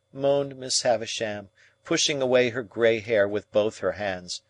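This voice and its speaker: A man reading a classic novel aloud as an audiobook narrator, steady and unhurried. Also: on the low side, dry recording.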